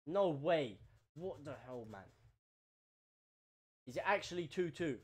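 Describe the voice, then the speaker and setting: High-voiced man, excitable commentary. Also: a little slow, pauses often. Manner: excitable running commentary, swearing and repeating himself. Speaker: streamer. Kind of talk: live match watchalong commentary.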